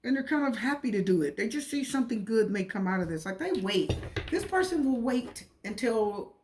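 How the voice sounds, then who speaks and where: A woman's voice: on the high side, expressive, a little fast, darkish tone, slight background noise. A woman giving a casual, repetitive and emotional tarot reading. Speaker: tarot reader.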